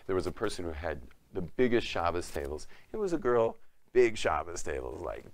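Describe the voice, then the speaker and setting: A middle-aged man, a rabbi, giving a talk and acting out the people in his story with lively delivery. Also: low voice, moderate pace. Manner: animated storyteller who acts out quoted voices.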